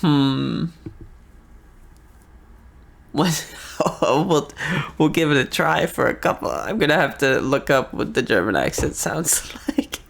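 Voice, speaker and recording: A woman's voice: low-pitched, expressive, takes it slowly, gravelly. A woman who is a lawyer, giving blunt let's-play commentary on a courtroom game, exclaiming and swearing freely. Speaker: lawyer playing a video game.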